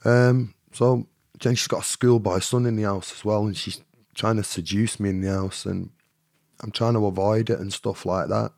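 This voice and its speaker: A man's voice: lowish voice, fairly even intonation, normal speed, vocal fry, a little mellow, no room sound, clean studio sound. A man with a Mancunian accent, a podcast guest telling a rambling story full of fillers and "you know what I mean". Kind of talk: storytelling in an interview.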